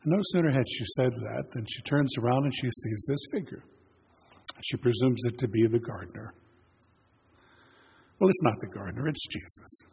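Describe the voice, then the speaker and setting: A man's voice: medium pitch, moderate pace, vocal fry, long pauses, a little mellow. Preacher man in an echoing church. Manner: conversational storytelling, retelling scripture in plain words. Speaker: pastor. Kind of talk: sermon. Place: church sanctuary. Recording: long church reverb, faint noise.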